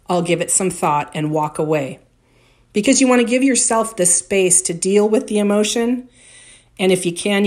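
A woman's voice: medium pitch, a little mellow. A middle-aged woman hosting a solo podcast, giving workplace advice in a direct, conversational way. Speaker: podcast host and workplace coach.

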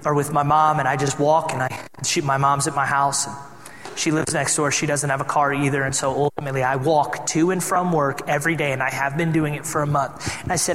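A young man from Michigan preaching a sermon as a pastor, telling a personal story in a relaxed, conversational way and teasing the congregation. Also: a little high, a little fast, slight background noise. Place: church hall. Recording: echoey hall sound.

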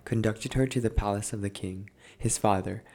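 Low-voiced man reading a fairy tale. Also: steady tone, moderate pace, darkish tone. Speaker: podcast host and reader. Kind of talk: storybook reading.

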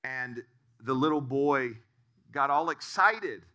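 A male pastor preaching in a bright, forceful voice that sits a little high. He tells stories earnestly in a sermon. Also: measured pace. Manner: storytelling, earnest.

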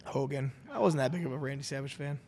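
A man hosting a podcast, telling a story in a rambling, animated way and acting out what people said. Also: medium pitch, quick pace, a little hiss or hum. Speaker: podcast host. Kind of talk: casual storytelling chat. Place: studio.

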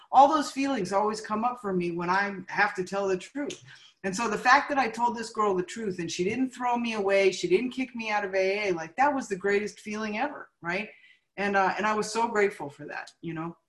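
A woman's voice: medium pitch, a bit bright. Woman, frank recovery share, self-mocking, echoey room. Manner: chatty, frank, self-mocking, keeps asking "right?". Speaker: speaker sharing her recovery story. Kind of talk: recovery meeting share, storytelling.

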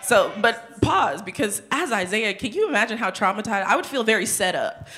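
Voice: medium pitch, lively intonation, moderate pace, bright, forceful tone. Playful co-host joking through scripture. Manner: playful, jokes and imagines scenes aloud. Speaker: co-host of a church discussion show. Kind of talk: casual Bible study discussion and scripture reading.

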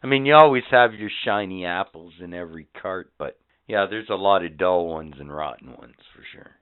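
A man hosting a podcast in profane, rambling casual chat, swinging between loud and quiet. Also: low-pitched, normal speed, clean tone. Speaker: podcast host. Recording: phone-like lo-fi audio.

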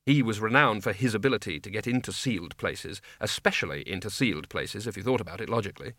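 A man's voice: lowish voice, fast, fairly bright tone, no echo. A man reading a comic fantasy novel aloud as an audiobook narrator, with dry, wry storytelling. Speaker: audiobook reader.

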